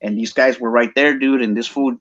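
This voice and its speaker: A man's voice: mid-range voice, steady tone, brisk, a bit bright, highs cut off. A man with a Chicano English accent telling a story casually, slangy and mixing English with Spanish.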